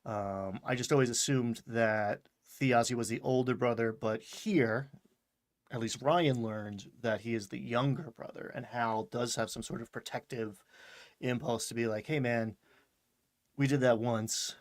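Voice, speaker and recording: A man's voice: medium pitch, measured pace. A man hosting a casual talk podcast, recapping an episode in a rambling, chatty way and laughing often. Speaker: podcast host recapping a show. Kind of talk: casual chat.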